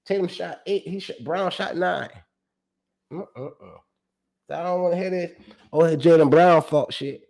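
Male sports host, fairly high voice, energetic, loose and slangy, repeats his points. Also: normal speed, gravelly. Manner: animated, slangy and profane, reciting stats with emphatic repeats. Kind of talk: casual sports commentary.

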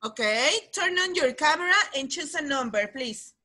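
High, bright woman teacher on a video call. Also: expressive, normal speed. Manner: encouraging, calls on pupils by name. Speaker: English teacher. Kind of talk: online class quiz game.

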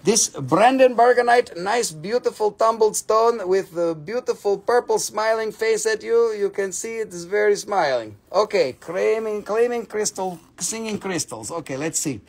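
A man with a notably high voice hosts a live stream, rattling off prices for stones on his table. He talks in an excitable, joking way, gushing over each piece as he goes. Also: normal speed, hardly any pauses. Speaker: host selling minerals on a live stream.

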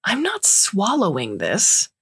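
A woman's voice: mid-range voice, huge pitch swings, slow pace, vocal fry, fairly bright tone, breathy edge, pitched above the performer's own voice, full character voice. A woman voicing a wary, indignant young male alien researcher.

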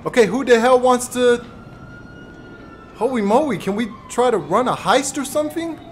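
A man doing a high-pitched, rowdy young gamer who swings his voice wildly up and down. He yells boastful trash talk and stays hyped the whole time, with a faint hiss under him. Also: lively intonation, moderate pace. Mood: excited. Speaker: live game streamer. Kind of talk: live gameplay character voice.

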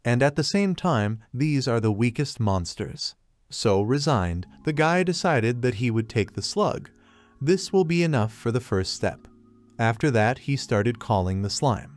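A man narrating a manga recap in a flat, retelling manner, recounting each scene in reported speech. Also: mid-range voice, unhurried. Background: faint music.

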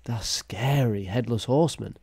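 A man giving crude, mocking reaction commentary with deadpan asides. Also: mid-range voice, normal speed, vocal fry, slightly rough. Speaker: YouTube commentator.

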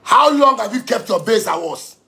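Forceful and bright, this man's gravelly voice sits high and stays animated at a moderate pace. He has a Ghanaian accent and rants at his audience in anger, swearing and repeating himself to underline each point.

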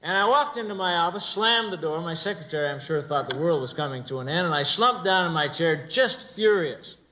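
A middle-aged American man giving a motivational church talk, telling a humorous story with lively delivery. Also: fairly high pitch, fairly quick, low-quality recording. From United States. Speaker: church speaker. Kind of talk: motivational sermon.

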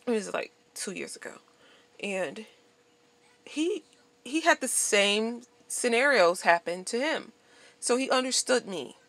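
A woman vlogger venting to camera in a blunt, profane, animated monologue. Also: mid-range voice, no room sound.

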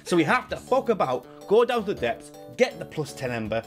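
Young man, gaming commentary, lively swooping voice, loud and excitable, slightly distant mic, game music behind. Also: fairly high pitch, fairly quick. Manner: loud, excitable, swearing, shouting often. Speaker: gaming YouTuber. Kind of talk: casual gameplay commentary.

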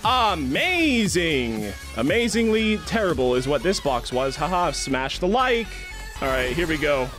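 A young man hosting a satirical gaming vlog, acting like an over-the-top hyped youtuber, then dropping into deadpan mumbles. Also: a little high, normal speed, soft background music. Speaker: gaming video host.

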